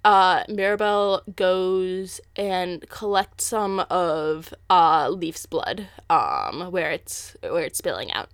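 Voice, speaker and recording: A woman's voice: lowish voice, takes it slowly, hardly any pauses, smooth, dry recording. A woman playing in a tabletop game, describing her actions hesitantly with many fillers. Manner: hesitant, lots of fillers and restarts. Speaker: player. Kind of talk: tabletop role-play.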